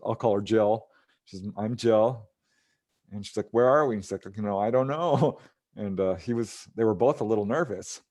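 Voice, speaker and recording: A man speaking as a guest ufologist in a relaxed interview. He tells a story in an easygoing way, slipping into the voices of the people he quotes and letting small chuckles through. His voice sits at an ordinary middle pitch. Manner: recounts cases, acting out quoted voices with chuckles.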